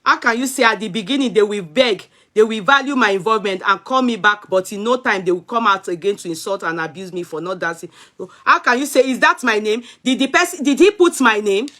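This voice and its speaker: A woman's voice: mid-range voice, expressive, fairly quick, few pauses, sharp tone. A young Nigerian woman with a Yoruba-speaking accent, hosting a gossip livestream and scolding her viewers, switching between Yoruba and English. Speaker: gossip show host.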